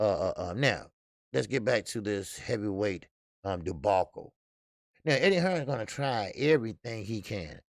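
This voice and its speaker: Gravelly man riffing on boxing. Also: on the low side, dry recording, clean studio sound. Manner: blunt, profane, laughs often, greets chat viewers. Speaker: boxing show host. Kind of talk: casual live-stream commentary.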